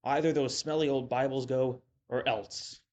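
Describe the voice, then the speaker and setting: A man's voice: mid-range voice, fairly even intonation, moderate pace, darkish tone, lightly acted. A man voicing an impatient wife who complains and makes demands, in a storybook reading. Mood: exasperated. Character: nagging impatient wife, adult woman.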